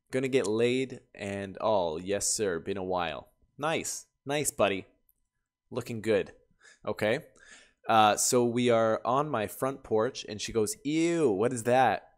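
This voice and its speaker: Man reading stories with lively reactions. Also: fairly low pitch. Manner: animated, laughing reactions between readings. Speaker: YouTuber reading Reddit stories. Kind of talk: reading stories aloud with commentary.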